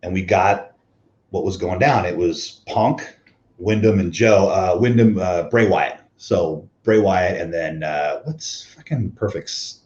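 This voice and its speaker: A man's voice: low-pitched, takes it slowly, a little mellow, reverberant. A man who used to wrestle, casually telling a backstage story as an interview guest, in a loose, swearing, filler-heavy way. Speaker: former pro wrestler guest. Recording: dull lo-fi recording.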